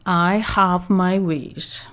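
A woman's voice: on the low side, steady tone, drawn-out words. A woman voicing God in a radio comedy sketch, fatherly and down-to-earth, with a dry, teasing, patient manner.

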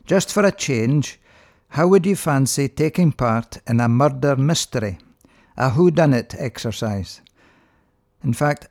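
Earnest minister hosting radio. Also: male voice, mid-range voice, darkish tone. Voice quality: measured, earnest, rhetorical. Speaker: minister and radio programme host. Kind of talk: radio religious programme presenting.

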